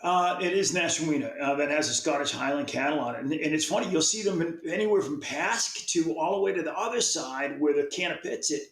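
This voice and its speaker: A man's voice: fairly high pitch, expressive, a little fast, few pauses, fairly bright tone, roomy sound, rough recording. A man, a fishing magazine publisher, telling a long story in casual chat, rambling along and restarting his sentences often. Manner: rambling, with many restarts and repeated words.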